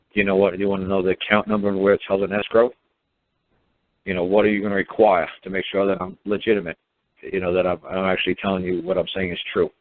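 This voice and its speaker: A man with a fairly low voice talks through a casual advice monologue in a folksy, rambling, plain-spoken way. He comes through a thin, tinny phone line with the lows and highs cut off. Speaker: host.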